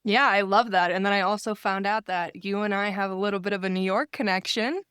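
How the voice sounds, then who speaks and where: A woman's voice: medium pitch, fairly even intonation, brisk, a bit bright, clean tone, no echo, studio quality. A young adult woman hosting a podcast interview, chatty and enthusiastic. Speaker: podcast host.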